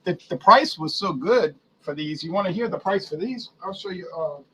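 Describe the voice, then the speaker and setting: A man's voice: sits high, lively intonation, normal speed, a bit bright, husky, rough recording. A man co-hosting a casual chat show, chatty, reading off items and prices one by one. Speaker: co-host.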